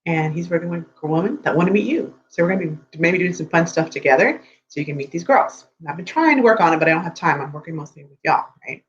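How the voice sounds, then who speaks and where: With a medium pitch, lively intonation and a quick pace, this dating coach for tech men rambles through advice on a live stream, repeatedly checking in with "okay?" or "right?". Behind him are geek collectibles, and the recording is dull and lo-fi with a faint hum.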